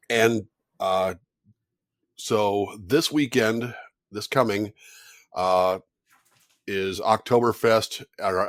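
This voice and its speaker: A man chatting casually as a podcast guest, rambling and relaxed with lots of fillers. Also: lowish voice, dry recording, studio quality. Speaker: podcast guest, dungeon master.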